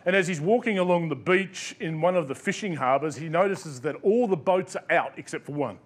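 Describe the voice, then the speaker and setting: A man's voice: fairly high pitch, lively intonation, a little fast. An Australian male pastor preaching a sermon in a conversational, storytelling way.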